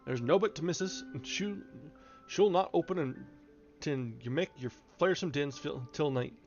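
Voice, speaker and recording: A man voicing a surly old male farm servant who shouts gruffly in thick rural dialect, raising his voice higher than his own. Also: moderate pace, dull audio, soft background music, lightly acted.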